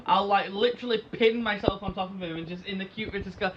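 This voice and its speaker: A woman co-hosting a casual podcast chat, animated and giggly, often slipping into silly voices, recorded on dull lo-fi audio. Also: medium pitch, quick pace, background noise. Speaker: podcast co-host.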